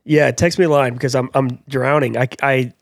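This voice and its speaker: A man's voice: mid-range voice, level tone, dry recording, clean studio sound. A man co-hosting a podcast, chatting casually and playfully during an impression-guessing game. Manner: laid-back, playful, halting when stuck. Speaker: podcast co-host.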